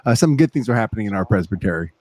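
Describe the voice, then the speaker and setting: A man's voice: fairly low pitch, racing, crowd noise. A male pastor hosting a casual podcast chat and asking his guests reflective questions. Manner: steady, asks reflective questions. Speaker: host pastor.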